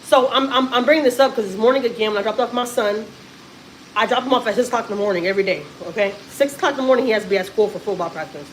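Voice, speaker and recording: A mother in her thirties from Texas, vents on a casual livestream. She talks in an animated, unfiltered way and cusses freely. Her voice sits fairly high over a faint background hum. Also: very fast, low-quality recording. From Houston, Texas. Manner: animated, frequent cussing and laughing. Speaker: vlogger and mother.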